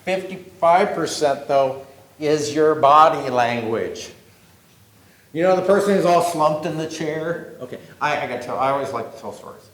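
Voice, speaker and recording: Speaking to an audience in an echoey meeting room, this man leads a workshop on job interviews. His voice is fairly high and a bit bright, animated, and at a normal pace. He keeps things conversational and repetitive, checking in again and again with "okay?"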